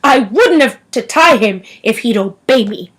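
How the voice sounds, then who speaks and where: A harsh old schoolteacher who bristles at any challenge, played by a woman reading aloud. She snaps out her words sharply and indignantly, her pitch leaping about. Her tone is that of someone used to being obeyed. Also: expressive, unhurried, breathy edge. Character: strict older female schoolteacher, harsh.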